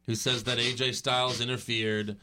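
A man's voice: mid-range voice, level tone, normal speed, over a noisy crowd. A man hosting a casual podcast chat, recapping events in a joking narrating way. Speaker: podcast host recapping wrestling.

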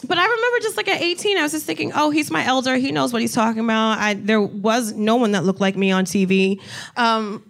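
Woman comic spinning a story, lots of cussing and laughs, voice sits a bit high. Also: fairly quick. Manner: profane, animated, laughs often. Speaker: comedian, co-host. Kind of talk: casual storytelling chat.

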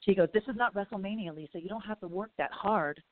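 A woman's voice: medium pitch, fast. A middle-aged woman, a guest in a casual interview, telling long rambling stories full of "you know" and acted-out quotes. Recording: phone-like audio.

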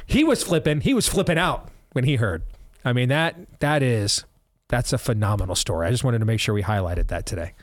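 A man hosts a talk radio show, wandering from story to sponsor read in a loose, self-interrupting way. His voice sits at an ordinary middle pitch. The sound is close and dry, with no room around it. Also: animated, brisk, dry recording. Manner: rambling, self-interrupting, chuckling asides.

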